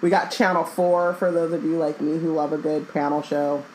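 A woman's voice: low voice, steady tone, moderate pace, darkish tone, a little hiss or hum, rough recording. A woman co-hosting a casual book podcast, blunt and jokey, who swears freely. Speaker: podcast co-host. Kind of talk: casual chat.

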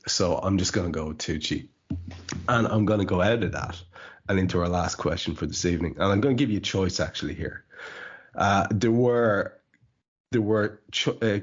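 Host type: deep, husky-voiced man, rambling chat with lots of restarts, dull lo-fi sound. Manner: rambling, restarts words often. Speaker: podcast host. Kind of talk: casual podcast chat.

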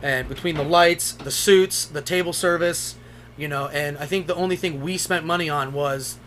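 A man's voice: fairly high pitch, fairly even intonation, normal speed, a bit bright, a little hiss or hum. A young man co-hosting a podcast, telling stories in a loose, profane way. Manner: loose, profane storytelling with laughs. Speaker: podcast co-host. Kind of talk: casual chat.

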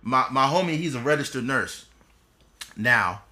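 A man's voice: mid-range voice, animated, unhurried, pushed and bright. A man in his thirties hosting a podcast, telling his story bluntly and with passion in casual chat. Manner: impassioned, blunt storytelling with swearing. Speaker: podcast host.

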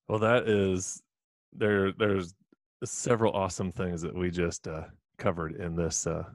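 Deep-voiced man hosting a podcast. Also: unhurried, no room sound, studio quality. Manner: relaxed, affirming, short agreeing replies. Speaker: podcast host. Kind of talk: casual podcast interview.

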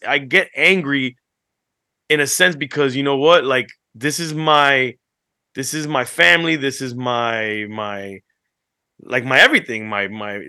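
Bright-voiced man telling animated stories. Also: a little high, dry recording, studio quality. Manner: animated storyteller, acts out quotes, swears freely. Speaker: podcast co-host. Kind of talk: casual chat.

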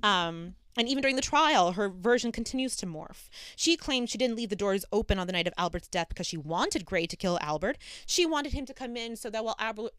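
A woman's voice: mid-range voice, fairly bright tone, smooth, no echo. A young adult woman hosting a podcast, telling a true-crime story in a chatty way full of fillers. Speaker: podcast host. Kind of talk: casual true-crime narration.

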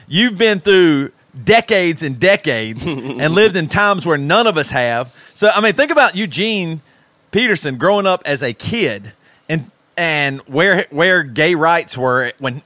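A man co-hosting a podcast in casual chat, animated and joking, cursing freely. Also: a little high, dry recording. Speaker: podcast co-host.

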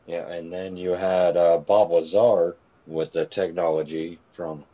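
A man's voice: low voice, little pitch movement, measured pace, dark tone, dull audio. A man in a casual group chat, rambling and swearing a lot, earnest as he tells stories. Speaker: guest on a cannabis livestream chat.

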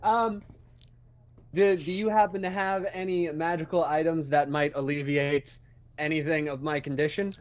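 A man's voice: fairly high pitch, steady tone, normal speed, dull audio, natural voice. A man voicing an awkward young frog man in a tabletop game, stammering and overly polite. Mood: flustered.

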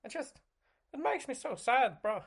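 A man doing a comedic impression of a self-serious male pundit, halting and tearful. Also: extremely high pitch, lively intonation, breathy edge, exaggerated voice. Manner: halting, choked-up and pleading.

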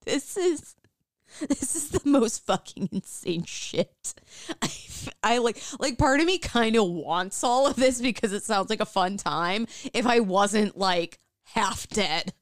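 A young adult woman hosting a podcast, telling a story in casual chat, animated, swearing freely and often breaking into laughter. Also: mid-range voice, slow pace, no echo, clean studio sound.

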